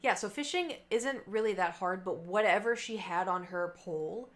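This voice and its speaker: A woman's voice: mid-range voice, moderate pace, a bit bright. A young adult woman livestreamer in casual chat with her viewers, telling a rambling story full of fillers and asides.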